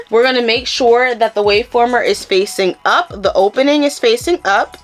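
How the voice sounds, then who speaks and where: A young woman with a Philadelphia accent giving a casual step-by-step hair tutorial, chatting to viewers as y'all. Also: on the high side. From Philadelphia, USA.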